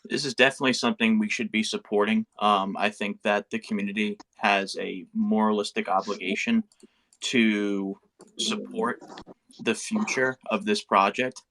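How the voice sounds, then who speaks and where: A man in an online community discussion, speaking in measured, halting phrases. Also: on the low side, fairly even intonation, fairly bright tone.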